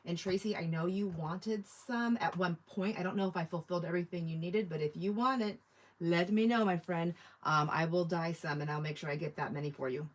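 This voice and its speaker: A woman with a fairly low-pitched voice hosts a live online sale, reading viewer comments aloud as she chats and rambles casually. She talks briskly, in the easygoing style of live-stream sales chat.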